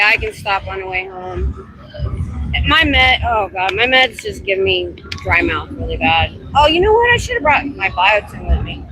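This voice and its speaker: A woman's voice: mid-range voice, noisy background. A woman streaming live on a city street outdoors, chatting and rambling while talking to passersby through a phone camera. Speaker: street activist livestreamer. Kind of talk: casual chat on a livestream.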